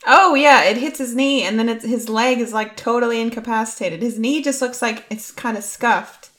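A woman's voice: a little high, normal speed, fairly bright tone. Blunt, swearing woman co-host. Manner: blunt and casual, swears freely. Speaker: podcast co-host. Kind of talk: casual podcast chat.

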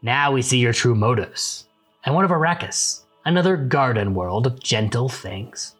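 A man's voice: medium pitch, animated, moderate pace, fairly bright tone, breathy edge, soft background music, pitched below the performer's own voice. A man voicing a proud, bitter older male emperor, speaking with scorn in a book retelling. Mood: scornful.

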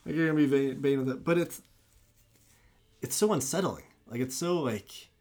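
A man's voice: medium pitch, normal speed, a little mellow. A man in casual film chat, rambling and enthusiastic, full of "like" and restarts.

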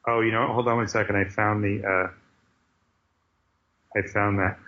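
A man being interviewed, telling animated, jokey anecdotes in casual conversation. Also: on the low side, unhurried, lo-fi sound. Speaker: guest, comic book writer.

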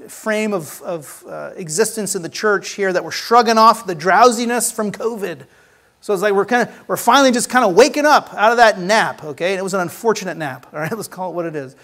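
Earnest preacher exhorting a congregation. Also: medium pitch. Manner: earnest, exhorting, with frequent "right?" asides. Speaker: pastor. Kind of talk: sermon. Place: church service.

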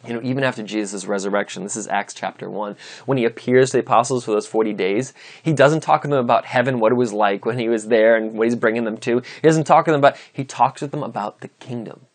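A male pastor preaching a sermon, reading scripture and commenting as he goes. His voice sits at an ordinary middle pitch but jumps up sharply when he acts out the crowd's shouts. The delivery is animated and emphatic. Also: fairly quick, few pauses. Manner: reads scripture aloud with commentary.

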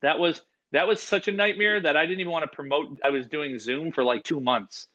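A bright, forceful man with a fairly high voice tells stories in a lively, animated way and bursts into voices for the people in them. The sound is dull and lo-fi. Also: fairly quick. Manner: animated storytelling, acts out voices. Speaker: animal show presenter. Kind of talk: casual chat.

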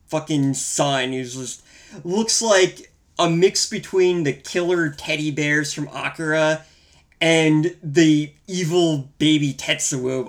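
A man's voice: a little high, a bit bright. A man co-hosting a casual film-review podcast, talking in a wry, rambling, profane way. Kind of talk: casual chat.

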